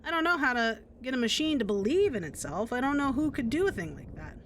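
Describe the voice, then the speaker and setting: A woman's voice: a little high, sing-song, fast, slight background noise. A woman doing a folksy, polite engineer. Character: folksy male engineer devoted to machines.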